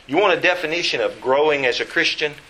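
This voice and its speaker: A man preaching a Bible lesson, emphatic and slowing down to stress key words. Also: on the high side, sharp tone.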